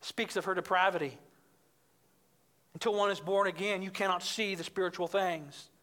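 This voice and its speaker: A woman preaching an expository sermon in an emphatic way, getting higher and louder as she stresses her points. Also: fairly even intonation, normal speed. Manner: emphatic, rises in pitch and volume when stressing points.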